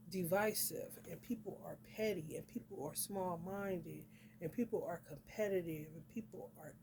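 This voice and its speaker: A woman's voice: fairly low pitch, mellow, a little hiss or hum. A woman giving a casual astrology vlog reading, blunt and profane, peppering her talk with "honey". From northern United States. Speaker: astrology reader. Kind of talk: casual spiritual vlog rant.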